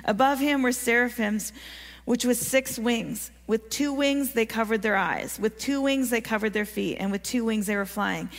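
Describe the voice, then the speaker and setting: A woman's voice: fairly high pitch, normal speed. A woman preaching a sermon to a church congregation, earnest and encouraging, often asking the listeners questions. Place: church sanctuary. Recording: long reverb of a large hall.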